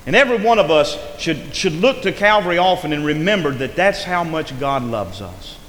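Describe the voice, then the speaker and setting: The sermon comes from a man whose voice sits on the high side, expressive and a bit bright, at normal speed. He preaches with a rising and falling cadence, stressing words often. Long reverb from an echoey hall and faint noise are present.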